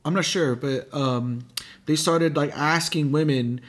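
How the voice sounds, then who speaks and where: A young man co-hosting a podcast, talking in a relaxed, joking way and laughing often. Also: fairly high pitch, measured pace. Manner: laid-back, joking, laughs while talking. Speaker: podcast co-host. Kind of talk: casual chat.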